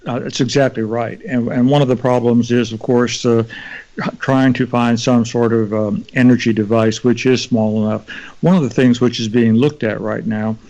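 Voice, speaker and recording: A man, a doctor guest on a radio show, answering in a measured way with fillers. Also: medium pitch, steady tone, darkish tone, dull audio.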